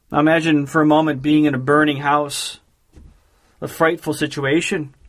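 A man preaching a devotional sermon in a measured, emphatic way, slowing down on key phrases. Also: on the high side, a bit bright.

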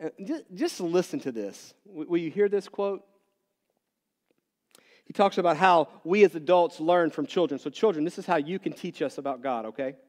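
A pastor giving a sermon, asking the congregation many questions and moving between loud emphatic bursts and quiet low asides. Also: male voice, normal speed. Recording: long reverb in a large hall.

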